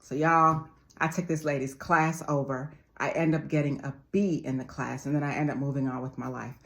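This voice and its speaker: A woman's voice: sits low, little pitch movement, normal speed. A woman in her forties giving a motivational monologue, emphatic and repetitive, calling her listeners family. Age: 40s. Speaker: motivational speaker.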